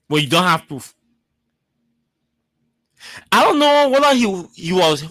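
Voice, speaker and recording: A man's voice: high-pitched, a bit bright, no echo. A man hosting a radio talk show, arguing and mocking as he repeats his words. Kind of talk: radio commentary.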